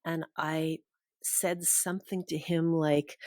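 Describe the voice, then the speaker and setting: A woman with a low voice tells a personal story as a podcast guest. Her delivery is earnest and emotional. The recording is dry, with no room sound. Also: fairly even intonation, normal speed, dry recording.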